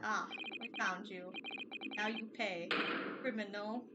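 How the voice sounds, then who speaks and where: A woman's voice: mid-range voice, steady tone, slow, lo-fi sound, close to an everyday voice. A woman voicing a stern foreign officer accusing a suspect, putting on an exaggerated foreign accent with mock menace. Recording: loud background noise.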